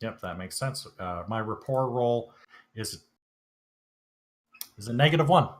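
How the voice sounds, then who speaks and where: A man's voice: mid-range voice, animated, unhurried. A man playing a tabletop game, talking in a casual, agreeable way.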